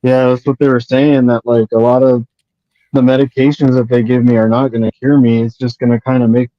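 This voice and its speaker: A man's voice: mid-range voice, flat delivery, a little fast, no room sound, muffled recording. A young man in casual chat, laid-back, answering in short, easygoing replies.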